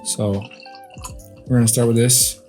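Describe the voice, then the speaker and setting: Man, mid-pitched voice, casual vlog host, rambling chatter, fillers and restarts, faint guitar music behind. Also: level tone, measured pace, darkish tone. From grew up outside the USA. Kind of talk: casual chat while eating on camera.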